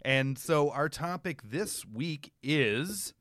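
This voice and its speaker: A man's voice: a little high, lively intonation, takes it slowly, a bit bright, no echo, clean studio sound. A man co-hosting a podcast in casual chat, eager but hesitant with many fillers. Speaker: podcast co-host.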